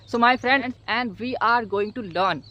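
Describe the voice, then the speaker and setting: A young man with a high, bright voice gives a casual English lesson. He speaks earnestly and often hesitates with "uh" fillers. He turns into a warm pep talk, urging viewers to repeat after him and not to fear mistakes. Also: unhurried. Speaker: English teacher.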